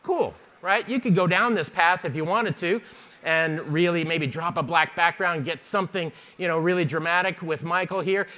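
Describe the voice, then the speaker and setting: Bright and forceful, this high male voice belongs to a photography instructor demonstrating techniques at a live workshop. Speaking from a conference stage to an audience, he's chatty, quick, and jokey, firing questions at the crowd.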